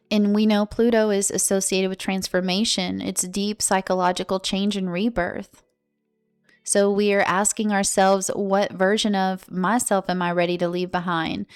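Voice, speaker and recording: A woman talks through a tarot reading in a loose, chatty way that turns emotional. Her voice is smooth and resonant, set at a mid pitch. Soft music plays faintly behind her. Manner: chatty, emotional, laughs often. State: tearful. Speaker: tarot reader. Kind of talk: casual spiritual talk.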